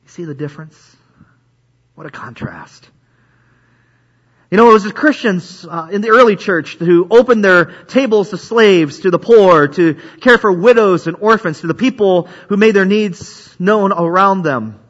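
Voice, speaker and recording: High husky guy preaching a sermon, chatty, keeps restarting, dull lo-fi sound. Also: moderate pace. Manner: conversational preaching with frequent repetitions and restarts. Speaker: pastor. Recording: dull lo-fi recording.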